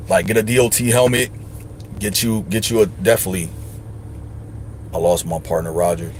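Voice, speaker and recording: A man's voice: deep voice, steady tone, moderate pace, a little mellow, a little hiss or hum. A man hosting a livestream, giving emphatic, slangy advice in casual chat. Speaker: livestream host.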